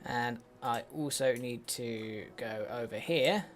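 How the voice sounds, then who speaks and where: Slow-talking man with wry mutters. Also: medium pitch, a little hiss or hum. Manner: muttering to himself, wry asides with swearing. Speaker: let's play host. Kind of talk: casual game commentary. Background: faint in-game music.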